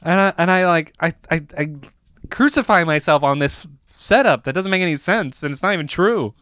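A man's voice: fairly high pitch, animated, a little fast, fairly bright tone, no room sound. A man co-hosting a podcast, telling a rambling, self-mocking story about a comedy gig with lots of restarts and laughter. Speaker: podcast co-host.

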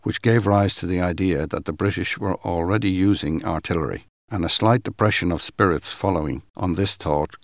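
Man, very low voice, first-person memoir reading, measured storytelling, dry close sound. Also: no echo. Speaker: reader of a first-person account.

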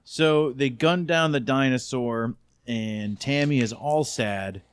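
A man's voice: medium pitch, slow, clear, resonant tone, no room sound. Dry-sounding man casually recapping a movie. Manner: laid-back storytelling, acts out characters' lines. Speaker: podcast co-host.

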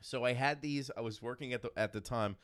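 A man's voice: mid-range voice, fairly quick, fairly bright tone, dry recording, studio quality. A man hosting a casual podcast chat, laughing often and telling loose, profane stories. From from an Irish family. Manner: laughs often, swears, tells loose anecdotes. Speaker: podcast host.

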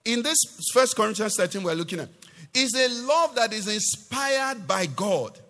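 A male pastor delivers an animated sermon and keeps throwing rhetorical questions at his listeners. His voice sits a little high for a man. The sound rings out with the long reverb of a church hall. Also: normal speed.

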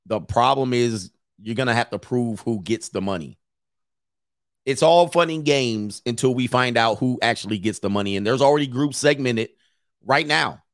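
A man's voice: medium pitch, no room sound, studio quality. A man hosting a casual livestream, reading viewer comments and riffing on them with jokes and laughter. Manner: joking, animated riffing with laughs. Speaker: show host reading chat.

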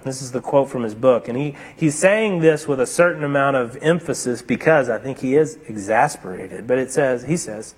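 A man preaching a sermon, moving between emphatic, raised passages and hushed, slow, deliberate ones. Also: medium pitch, husky. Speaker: pastor.

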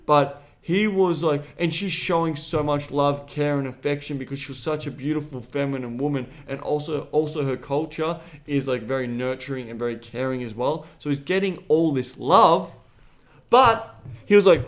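A man hosting a podcast as a dating coach, swearing freely and retelling a client's story bluntly, jumping loud and high whenever he quotes himself. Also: normal speed.

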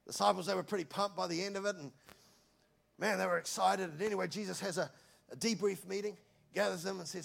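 A New man preaches with a lot of energy, telling the story in a loose, joking way and calling out to the room. His voice sits high for a man and has a gravelly, creaky edge. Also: fast. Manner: energetic, conversational, jokey storytelling. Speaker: pastor. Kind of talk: sermon.

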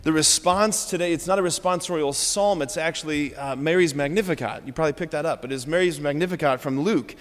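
A Catholic priest giving a Sunday homily in an animated way, often checking in with the congregation by asking "right?". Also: male voice, a little high, fairly quick, hardly any pauses. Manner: animated, frequent "right?" asides. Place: large church. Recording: reverberant church hall.

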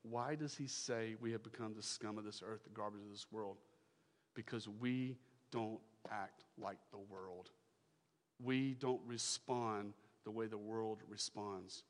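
A male pastor preaching a sermon, emphatic, repeating his phrases and swinging from loud declarations to hushed lines. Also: on the low side, fairly even intonation, a little slow, long reverb tail.

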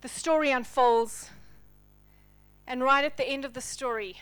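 High-voiced woman preaching a dramatic sermon. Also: measured pace, long pauses, clean tone. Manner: dramatic, dropping to a hush for key lines.

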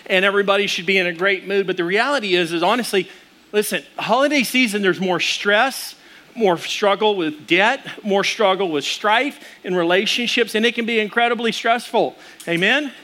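A man's voice: high-pitched, moderate pace, sharp tone. A man in his thirties, a pastor preaching a sermon in a casual, storytelling way with asides to the congregation.

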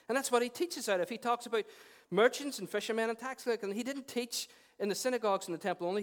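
A man preaching an animated, humorous sermon to a congregation, talking to people by name. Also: high voice.

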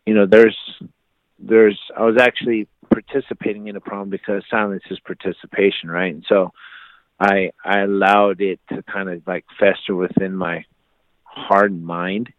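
A man's voice: deep voice, flat delivery, normal speed, no room sound. A man casually telling a personal story, rambling with many fillers and restarts. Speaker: guest telling his life story. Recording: tinny phone-like line, dry.

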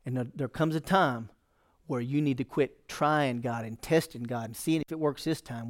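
A man's voice: medium pitch, moderate pace. A male pastor preaching a sermon in a folksy, conversational way.

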